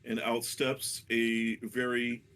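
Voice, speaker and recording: A man narrating a tabletop game as dungeon master, hesitant and full of fillers, with a gravelly voice. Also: mid-range voice, monotone, slow, fairly bright tone. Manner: hesitant, many fillers and restarts.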